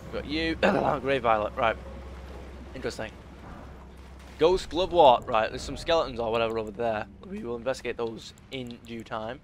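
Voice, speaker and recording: A man's voice: mid-range voice, moderate pace, a little hiss or hum. A young man talking through a video game, chatting to the enemies and muttering asides. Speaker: gaming YouTuber. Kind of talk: let's play commentary.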